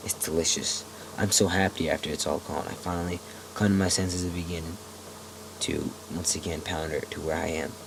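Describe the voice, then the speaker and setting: A young man reading a creepypasta aloud at home, dropping low for narration and shouting the quoted lines. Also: a little hiss or hum, low-quality recording. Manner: swings from low muttering to loud yelling in quoted lines. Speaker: amateur narrator. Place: home room.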